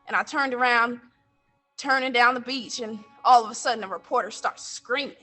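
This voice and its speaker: A woman playing a blunt middle-aged man who runs a coastal mission, telling his story on stage and getting heated and loud. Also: on the high side, normal speed, faint music behind. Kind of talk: stage monologue from interviews.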